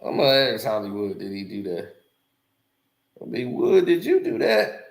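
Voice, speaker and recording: A man casually chatting with viewers on a live stream, relaxed and laughing often. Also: mid-range voice, normal speed, creaky. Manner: laid-back, laughs often, talks to viewers directly. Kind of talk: casual chat. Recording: echoey room.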